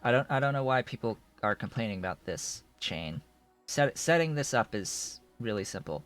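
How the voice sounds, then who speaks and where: A man's voice: medium pitch, expressive, normal speed, fairly bright tone, faint music behind. A man streaming a game, thinking aloud in a rambling way with many restarts. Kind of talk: casual live-stream commentary while playing.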